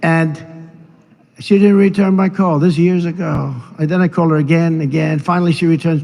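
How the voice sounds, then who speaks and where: A man's voice: on the high side, moderate pace, gravelly. A man in his seventies giving a rambling rally speech, full of asides and mocking impressions. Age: 70s. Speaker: political speaker at a rally. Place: large rally venue. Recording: long reverb of a big venue, faint noise.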